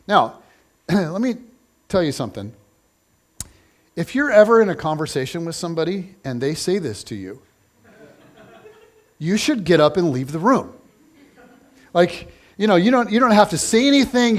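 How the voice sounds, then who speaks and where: A man's voice: sits high, very animated, moderate pace, long pauses. A man preaching a casual, conversational sermon, playful and chatty, acting out little scenes. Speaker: pastor.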